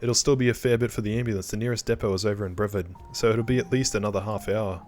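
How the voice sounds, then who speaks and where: A man voicing a gruff older policeman in a game, blunt and drawling. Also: fairly low pitch, fairly even intonation, quick pace, a little mellow, natural voice. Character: gruff older male cop.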